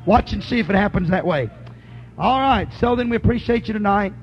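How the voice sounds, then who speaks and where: A man's voice: sits high, expressive, a little fast, highs cut off, soft background music. A man preaching a fervent sermon with an altar call, calling out to the congregation.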